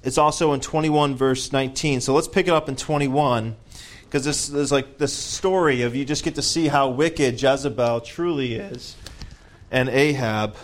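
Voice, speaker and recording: A man's voice: mid-range voice, normal speed. Casual man leading a Bible study. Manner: conversational, asks the group questions. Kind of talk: reading scripture with casual commentary.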